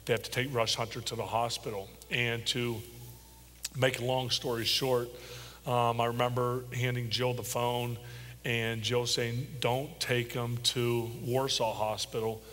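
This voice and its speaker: A middle-aged father, as an interview guest, tells a personal story in a halting, heartfelt way with many pauses and ums. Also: mid-range voice, flat delivery, a bit bright. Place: large church hall. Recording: echoey church hall with faint hum.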